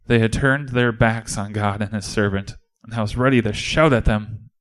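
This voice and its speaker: A man with a lowish voice and fairly even intonation speaks at a moderate pace. Taking the part of a disciple in a church service, he delivers an impassioned, indignant first-person monologue.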